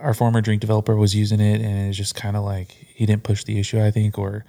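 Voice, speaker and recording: A man's voice: lowish voice, completely flat delivery, fast talker, gravelly, mellow. A man chatting casually as a guest on a podcast, telling stories about coffee and cocktails.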